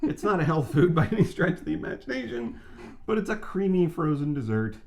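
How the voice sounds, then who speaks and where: A man in his thirties co-hosting a casual vlog chat, talking in a brisk, emphatic and opinionated way. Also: fairly high pitch, sing-song, a little mellow. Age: 30s. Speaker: vlog co-host.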